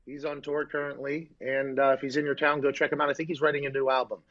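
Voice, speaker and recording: A man hosting a sports talk show, chatting loosely and telling jokey stories in a loud, excitable way, running on little sleep. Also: medium pitch, quick pace, dull audio. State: short on sleep. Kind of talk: casual sports chat.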